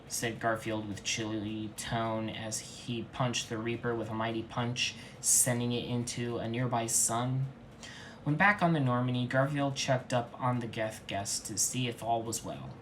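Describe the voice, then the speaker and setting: A man reading fan fiction aloud in a deadpan, earnest comedic style. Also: mid-range voice, a little slow, a little hiss or hum, poor audio. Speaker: reader.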